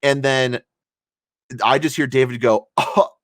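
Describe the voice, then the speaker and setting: A man's voice: medium pitch, steady tone, a little slow, dry recording. A man co-hosting a podcast, telling a gaming story in casual chat, heated and full of swearing. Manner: heated, profane ranting retelling. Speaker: podcast co-host.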